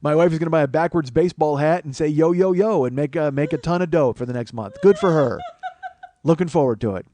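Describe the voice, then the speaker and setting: A man's voice: a little high, fast, dark tone, dry recording. A man, a comedian hosting his own show, telling a long story and acting out the other people's voices. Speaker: comedian host. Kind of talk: storytelling monologue.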